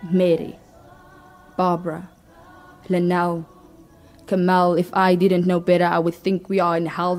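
A woman's voice: medium pitch, darkish tone. A South African woman performing a spoken-word poem, rhythmic and declamatory.

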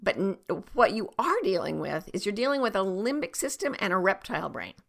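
A woman's voice: medium pitch, creaky, fairly bright tone. A middle-aged woman coach giving advice on a podcast, talking expressively, acting out example exchanges and sometimes dropping to a whisper.

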